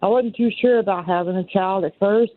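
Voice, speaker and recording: A woman's voice: mid-range voice, a little fast, no echo. A woman in her sixties with a Southern accent, calling in to a radio show and telling her story in an earnest, rambling way, often repeating herself. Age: 60s. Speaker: caller. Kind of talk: call-in radio talk. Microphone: telephone. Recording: tinny phone line.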